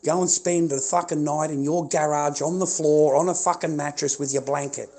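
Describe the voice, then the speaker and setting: A man's voice: on the high side, fairly even intonation, normal speed, warm tone. A man with an Australian accent ranting to his livestream viewers, heated and profane, swearing and repeating himself constantly. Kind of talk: angry livestream rant.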